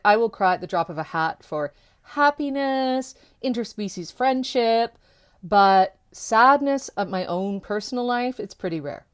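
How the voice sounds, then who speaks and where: Slow-talking woman telling a personal story. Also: lowish voice. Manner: candid and conversational, loose with "like". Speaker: keynote speaker.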